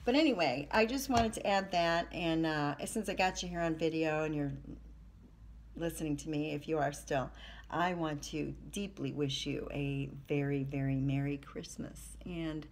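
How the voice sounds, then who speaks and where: Chatty lower-voiced woman coach. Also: normal speed, slight background noise. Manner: animated storytelling with laughs and asides. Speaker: fitness coach. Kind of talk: casual video talk to camera.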